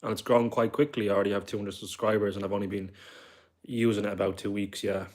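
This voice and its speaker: Low-voiced young man chatting on a livestream. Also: steady tone, quick pace, darkish tone. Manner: rambling, reads viewer comments aloud and answers them. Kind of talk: casual livestream chat, reading comments.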